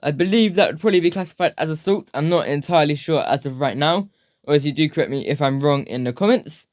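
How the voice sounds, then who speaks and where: A man talks over a clip in reaction commentary, hedging and unsure of himself. His voice sits a bit high. The sound is dry and close. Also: quick pace, no echo. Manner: hesitant, hedging, repeats "obviously". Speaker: reaction video host.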